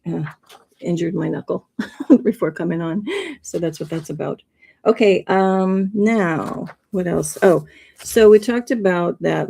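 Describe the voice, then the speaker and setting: Low mellow-voiced woman rambling thru her livestream, chatty, laughs a lot. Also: creaky. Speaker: livestream host. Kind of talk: casual presentation.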